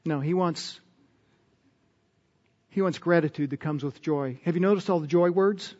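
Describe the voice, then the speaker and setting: A man's voice: on the high side, normal speed, mellow, long reverb tail, muffled recording. A man preaching a sermon as pastor, earnest and emphatic, often putting questions to his listeners.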